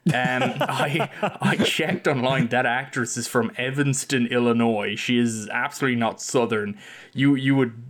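A man's voice: medium pitch, moderate pace. Rambling wry man on a film podcast. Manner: rambling, restarts often, wry. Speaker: podcast co-host, film discussion. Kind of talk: casual chat.

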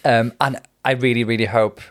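A man's voice: mid-range voice, fairly even intonation, normal speed, fairly bright tone. A man co-hosting a casual chat, chatty and opinionated, with gushing asides. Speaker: podcast co-host.

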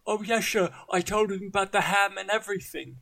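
A man's voice: sits high, brisk, vocal fry, sharp tone, full character voice. A man voicing a timid, deferential male manservant who hesitates and keeps saying sir. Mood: apologetic. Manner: meek, hesitant, says sir constantly.

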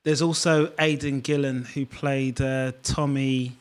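A man's voice: medium pitch, level tone, unhurried. A man in casual podcast chat, asking questions and laughing easily.

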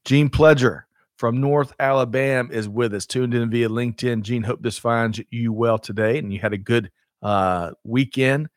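Upbeat and chatty, this co-host of a livestreamed supply chain show keeps things casual, laughing often and using lots of fillers. He has a steady, mid-range voice at a moderate pace, recorded at studio quality without room sound.

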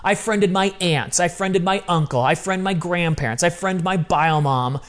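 A man's voice: high voice, normal speed. A man in his fifties telling a personal story in a casual, earnest way, often acting out what he said. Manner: earnest, animated, quoting himself.

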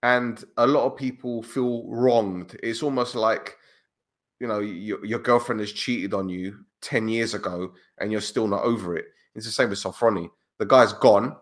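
A man co-hosting a casual football podcast, speaking in a relaxed, blunt and opinionated way about insider club news. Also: lowish voice, normal speed. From Cyprus. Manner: laid-back, blunt, opinionated.

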